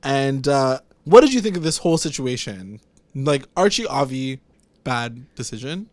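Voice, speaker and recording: A man co-hosting a casual podcast recap, talking fast and animated, swearing and acting out characters' lines. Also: mid-range voice, no echo. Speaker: podcast co-host.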